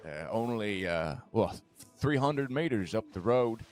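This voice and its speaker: A man's voice: on the low side, lively intonation, unhurried, darkish tone. A man playing a nervous, self-deprecating frontier man who rambles and swears in a western roleplay. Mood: chatty.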